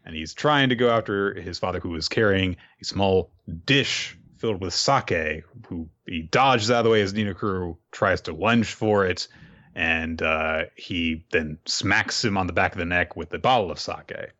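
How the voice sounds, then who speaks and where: Low-voiced man casually recapping an episode. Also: normal speed, pushed and bright, lo-fi sound. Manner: chatty, laughs while retelling scenes. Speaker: podcast host recapping an anime episode.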